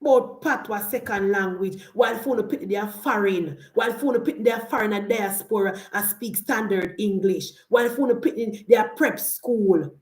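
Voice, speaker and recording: A woman's voice: mid-range voice, moderate pace, hardly any pauses, reverberant. A woman in her thirties with a Jamaican accent, giving a heated political rant and slipping between patois and standard English. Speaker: political commentator.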